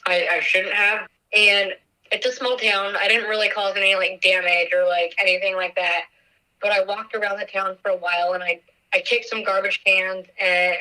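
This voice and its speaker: Bright-voiced young woman, emotional and halting. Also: medium pitch, distant mic, low-quality recording. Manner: emotional, halting, many fillers. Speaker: guest, victim's daughter. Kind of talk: personal storytelling in an interview.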